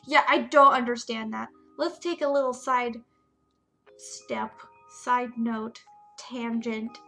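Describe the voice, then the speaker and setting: A woman gamer chats over a story game, animated and rambling in her asides. Her voice is high and bright, and faint music plays underneath. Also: takes it slowly. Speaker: gaming streamer. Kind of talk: casual game commentary.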